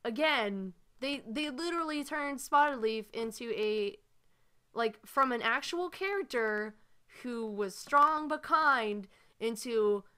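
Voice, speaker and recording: A woman's voice: a little high, animated, slow pace, pushed and bright, clean tone. A woman ranting in a frustrated, sighing way as she talks through her analysis, with lots of fillers. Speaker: fan analysis video maker. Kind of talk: ranting commentary.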